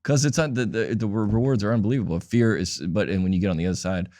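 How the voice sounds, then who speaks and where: A man's voice: lowish voice, quick pace, warm tone. A man, a comedian on a podcast interview, talking casually and rambling with many restarts. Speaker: comedian guest.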